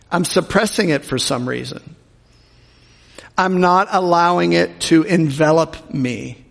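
Male pastor, earnest sermon, gravelly voice, slightly high, echoing hall. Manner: earnest, repeats words, slows for emphasis. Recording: long hall reverb.

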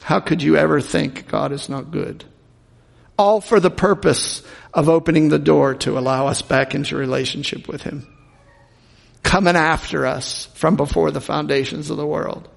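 A man preaching a sermon in earnest, repeating words and slowing down to stress them, recorded in a long-reverb church hall. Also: fairly high pitch, steady tone, creaky. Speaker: pastor.

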